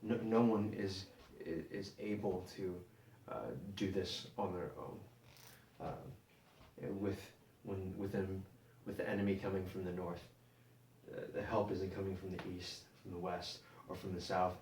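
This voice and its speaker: A man preaching a sermon, halting and repeating words as he explains scripture. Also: low-pitched, flat delivery, darkish tone, a little hiss or hum. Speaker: pastor. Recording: echoey room, mic at a distance.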